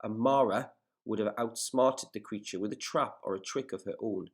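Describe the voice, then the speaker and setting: A man's voice: lowish voice, breathy edge. Patient male teacher explaining a story. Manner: patient, explains words step by step; careful, measured classroom delivery. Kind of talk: recorded remote lesson, reading a story aloud and explaining.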